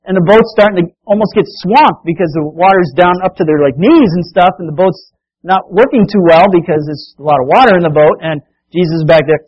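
A man preaching a sermon, telling a Bible story with animated delivery and acting out the voices of the people in it. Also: sits high, fairly quick, breathy edge, muffled recording. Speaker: pastor.

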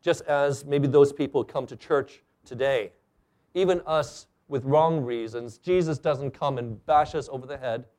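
A man preaching a sermon in a church, animated and acting out the people he quotes. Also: medium pitch, a little slow. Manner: animated, acts out quoted speakers. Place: church stage.

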